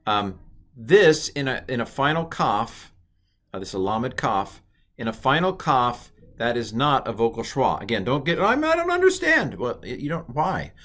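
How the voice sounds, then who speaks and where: A middle-aged man teaching an online Hebrew lesson in a playful way, with jokey asides. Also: normal speed. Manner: playful, jokey asides, lively swings in pitch.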